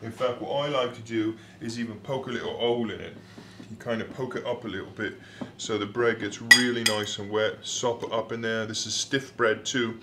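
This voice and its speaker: A man's voice: on the low side, fairly even intonation, moderate pace, hardly any pauses, background noise. Man hamming up a London accent while cooking in a roomy kitchen, casual and hesitant. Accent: put-on London accent. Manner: rambling, hesitant with many ums, playful. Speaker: novelist cooking a recipe.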